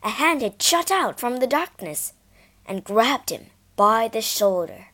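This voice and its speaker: Slow, lively woman storybook narrator. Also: on the high side. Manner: slow and expressive.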